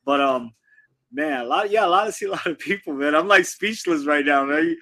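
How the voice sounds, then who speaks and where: A man with a bright, forward voice, sitting in as a guest on a casual livestream. He rambles in a laid-back way, filling gaps with ums and breaking into giggles. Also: on the high side, fairly quick.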